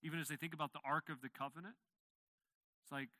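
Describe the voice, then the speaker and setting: A man's voice: a little high, fairly even intonation, fast, bright, forceful tone, dry recording. A man preaching an expository sermon as pastor, earnest and rising to emphatic peaks when quoting scripture.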